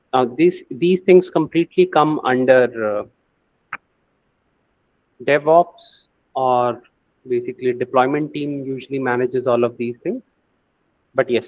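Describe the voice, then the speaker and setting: A man's voice: medium pitch, dry recording, highs cut off. Man thinking aloud in a coding lesson. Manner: thinks aloud, many fillers and restarts. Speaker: AI course instructor. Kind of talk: screen-share coding tutorial.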